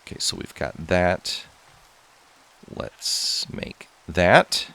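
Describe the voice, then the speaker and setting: A man hosting a gaming channel, giving excitable, casual commentary to viewers as he plays. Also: low-pitched, extremely slow, vocal fry, a little hiss or hum. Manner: excitable, talks to viewers while playing.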